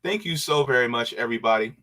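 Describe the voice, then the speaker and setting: A man hosting a livestream, thanking viewers by name and getting excited and emotional. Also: medium pitch, quick pace. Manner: excited, emotional, shouting for joy. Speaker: livestream host. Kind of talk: casual livestream sign-off.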